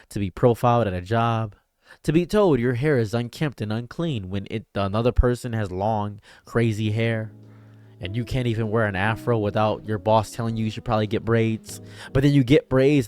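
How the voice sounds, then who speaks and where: A man delivering an impassioned commentary monologue, emphatic and swinging from raised outbursts to quiet, low lines. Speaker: online commentator and streamer.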